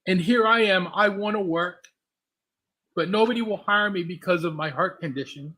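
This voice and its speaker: A man with a fairly high, bright voice tells his story on a live stream. He talks earnestly and haltingly, apologizing as his emotions rise. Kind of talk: emotional personal account.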